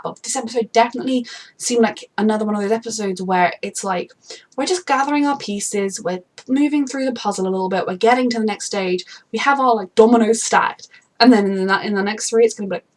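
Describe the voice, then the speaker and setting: A young adult woman vlogging a reaction to a TV episode, rambling in an emphatic, gushing, casual way about characters she loves. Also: mid-range voice. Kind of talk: casual unscripted commentary.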